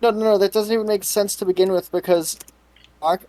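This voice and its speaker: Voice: medium pitch, steady tone, brisk, dark tone, no echo. A young podcast co-host in casual chat, questioning and poking holes in a movie's logic. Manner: skeptical, picking holes in logic.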